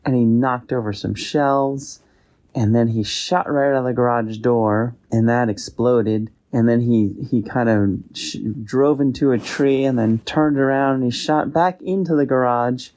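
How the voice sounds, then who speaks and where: A father telling his son an improvised bedtime story in a gentle, rambling way. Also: mid-range voice, fairly even intonation, unhurried.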